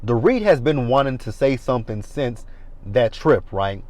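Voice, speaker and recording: A man's voice: medium pitch, lively intonation, moderate pace, dark tone, dry recording, poor audio. Blunt, profane man recapping TV. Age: 30s. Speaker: reality TV reviewer. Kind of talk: casual TV recap commentary. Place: parked car.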